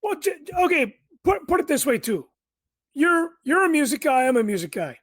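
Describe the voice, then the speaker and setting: A man who is a guest on a podcast, chatting casually in a raspy voice like a bassy sound through a blown speaker, loud and emphatic, often swearing. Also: very animated, fairly quick, no echo, studio quality. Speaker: podcast guest and fellow podcast host.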